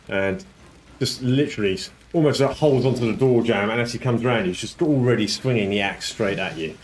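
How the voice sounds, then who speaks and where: A man running a tabletop game as game master, relaxed and chuckling, often clearing his throat. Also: medium pitch, moderate pace, a little hiss or hum. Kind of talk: narrating a tabletop game over a call.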